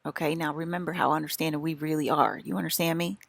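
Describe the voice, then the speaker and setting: Agitated gravelly woman with a country twang. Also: deep voice, steady tone, quick pace, no echo. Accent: American country. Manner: agitated, profane, repetitive. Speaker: vlogger. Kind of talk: rambling monologue.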